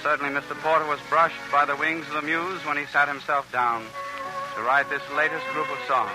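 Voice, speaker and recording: A man announces in a florid, flowery style, his voice a little above average in pitch. Music plays clearly behind him on this old radio broadcast. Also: steady tone, fairly quick, poor audio.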